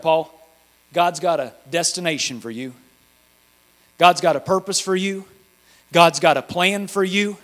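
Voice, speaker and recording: A man preaching a sermon in a church, moving from quiet, measured talk to loud, rhythmic exhortation and leading the congregation to repeat after him. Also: sits high. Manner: builds from quiet talk to shouted preaching, leads call-and-response. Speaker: pastor. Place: church sanctuary.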